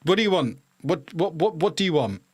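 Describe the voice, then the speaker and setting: A man's voice: fairly high pitch, lively intonation, brisk, husky, no room sound, clean studio sound. A man co-hosting a casual live podcast, rambling and laughing easily as he talks. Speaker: podcast co-host.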